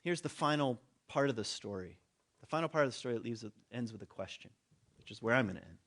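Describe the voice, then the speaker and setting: A man's voice: medium pitch, animated, fast, a bit bright. A man preaching a sermon in a conversational way, acting out the voices of the people in his story and dropping his voice for asides. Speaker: pastor.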